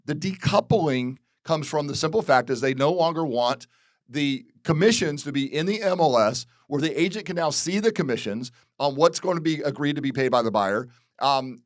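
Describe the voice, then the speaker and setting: A man's voice: a little high, no echo, clean studio sound. A man from Florida, a real estate broker, talking candidly about industry changes, repeating phrases and restarting sentences as he goes. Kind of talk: casual commentary. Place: real estate office video.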